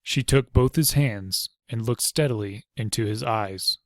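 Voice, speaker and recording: A man narrating an audiobook in a steady, even storytelling manner. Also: medium pitch, a little slow, no echo, clean studio sound.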